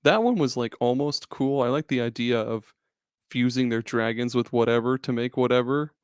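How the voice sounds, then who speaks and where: A man's voice: medium pitch, normal speed, clear, resonant tone, dry recording, studio quality. A man hosting a podcast in casual chat, rambling, swearing often and laughing a lot. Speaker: podcast host.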